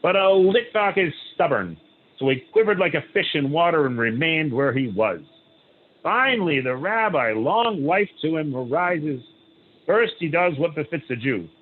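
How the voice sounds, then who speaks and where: A rabbi who reads a story aloud with pauses, adding "right?" asides and leading a group discussion. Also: male voice, fairly high pitch, lively intonation. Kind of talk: reading a story aloud, then opening discussion. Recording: tinny phone-like line, faint hiss.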